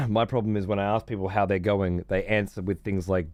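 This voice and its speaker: A man's voice: low-pitched, steady tone, fairly quick, darkish tone, no echo. An Australian man streaming a game, swearing freely and ranting in exasperation while he chats to viewers. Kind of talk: casual gaming stream commentary.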